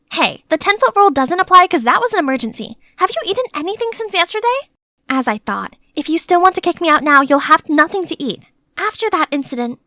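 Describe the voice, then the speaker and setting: Young woman, storybook narrator: high, bright, chatty and dramatic, dry close mic. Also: no room sound. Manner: chatty, animated, playfully dramatic. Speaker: narrator and maid character. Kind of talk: scripted first-person story narration.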